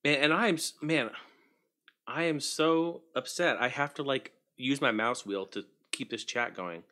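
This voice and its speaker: Male livestream host with a bright, forward tone, easygoing chat with viewers, mutters through tech fixes. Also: mid-range voice, measured pace. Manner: chatty, greets viewers by name, mutters while fixing tech.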